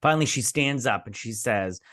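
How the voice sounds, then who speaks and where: Host, male, mid-pitched, dry close sound; rambling casual recap, swears freely. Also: lively intonation, moderate pace, fairly bright tone, no echo. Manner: rambling, many restarts and "he's like" paraphrases; loose and profane.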